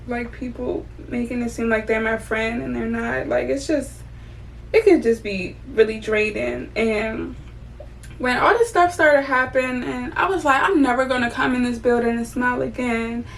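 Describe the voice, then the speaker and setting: A woman's voice: a little high, creaky, far from the mic. A young woman venting candidly and casually to her viewers as she does her makeup, swearing freely. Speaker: vlogger. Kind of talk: casual get-ready-with-me venting.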